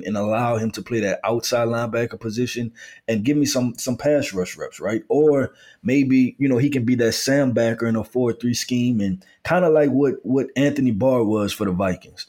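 A man co-hosting a casual sports podcast, speaking in a measured, conversational way with fillers as he poses questions. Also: medium pitch, a little mellow. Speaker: co-host, football analyst. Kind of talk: casual sports analysis chat.

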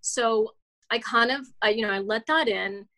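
A woman's voice: on the high side, normal speed, a bit bright, rough recording. A woman in her forties, a children's author, telling her story as an interview guest in a casual, earnest way, with many restarts and "like" fillers. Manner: rambling, frequent "like" fillers and restarts.

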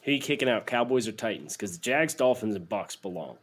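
A man's voice: fairly low pitch, expressive, brisk, breathy edge. Teasing male sports podcast co-host. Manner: teasing, joking. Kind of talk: casual sports podcast chat.

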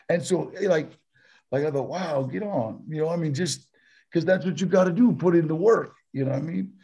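A man's voice: a little high, a little fast, gravelly, dark tone, slightly rough, lo-fi sound. An older man, telling stories as a guest in a casual interview, rambling and laughing. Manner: rambling, laughing, full of "you know" and "man". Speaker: guest actor.

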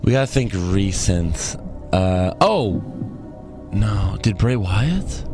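Tipsy man on a podcast, lively. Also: sits low, takes it slowly, music in the background. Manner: joking, rambling. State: tipsy, burping and hiccuping. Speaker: podcast co-host. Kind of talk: casual chat.

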